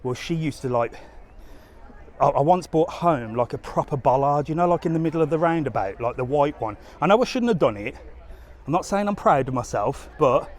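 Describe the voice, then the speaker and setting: Strolling by a harbour, a travel vlogger chats to his live-stream audience in a high-leaning, animated voice, talking a little fast. His casual talk rambles through stories, with frequent laughter.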